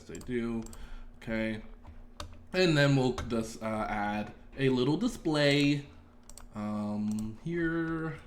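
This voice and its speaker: A man's voice: fairly low pitch, slight background noise. A man streaming his game development, chatting casually and rambling with viewers, self-deprecating and cursing now and then. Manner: rambling, self-deprecating, swears and laughs, talks to chat. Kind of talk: casual live-stream chat while coding.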